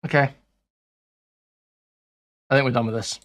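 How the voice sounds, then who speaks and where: A man delivers drama commentary over a clip in a blunt, sarcastic way. He swears freely, and his voice sits at an ordinary mid pitch. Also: fairly even intonation, measured pace, fairly bright tone. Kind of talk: reaction commentary.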